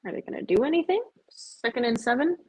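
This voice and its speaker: A woman casually chatting her way through a live watch of a football game, filling her talk with "like" and breaking into loud disbelief at big plays. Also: high-pitched, animated, fast talker, husky. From US Midwest. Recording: dull lo-fi sound.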